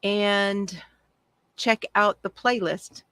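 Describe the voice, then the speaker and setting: A woman's voice: medium pitch, extremely slow, fairly bright tone, smooth, no echo. A woman hosting a casual crafting livestream, chatty and gushing as she answers viewer comments from home.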